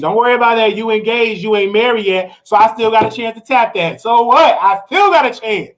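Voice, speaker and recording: Brief: high-pitched male host from Chicago, rowdy live-stream storyteller, shouts and rambles. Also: a little fast, hardly any pauses. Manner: animated, loud, often shouting and laughing; rambling with frequent restarts and asides. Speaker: host of a live call-in show.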